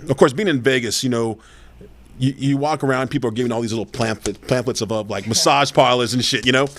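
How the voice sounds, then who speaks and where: A man's voice: mid-range voice, fast talker, a bit bright, a little hiss or hum. Rambling, profane man telling stories. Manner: rambling, profane, full of fillers and "you know". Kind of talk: casual storytelling chat.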